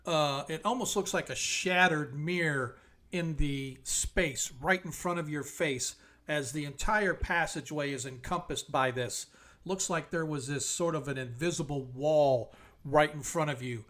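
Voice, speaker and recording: A man narrating a tabletop game as game master, describing scenes in slow, measured steps with a few fillers. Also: a little high, fairly bright tone.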